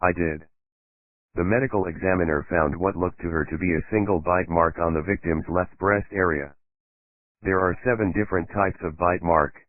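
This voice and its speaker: A man narrating a crime novel in a steady, even-paced reading. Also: low-pitched, moderate pace, dry recording. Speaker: audiobook narrator. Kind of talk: scripted narration. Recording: tinny phone-like dry sound.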